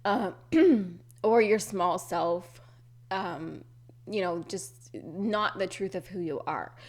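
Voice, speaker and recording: A woman's voice: medium pitch, animated, takes it slowly. A woman hosting a spiritual podcast, talking unscripted, with a throat tickle. She searches for words, restarts often and repeats earnest affirmations. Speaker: podcast host.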